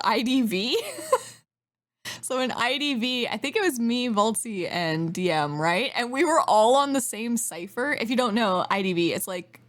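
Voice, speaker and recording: A woman's voice: on the high side, fairly bright tone. A young woman from Western Canada, chatting casually on a live stream, giggling often and trailing off with fillers.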